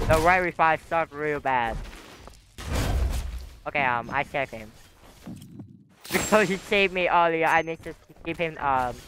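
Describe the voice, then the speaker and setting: With background noise in the recording, a young man speaks in a medium-pitched voice while gaming. He rambles through filler-laden commentary, taunting his opponents and yelping when he gets hit.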